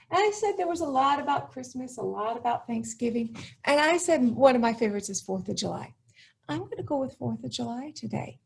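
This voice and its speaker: A woman teacher giving an upbeat writing lesson to young students, explaining slowly and stressing key words. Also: high-pitched, breathy edge.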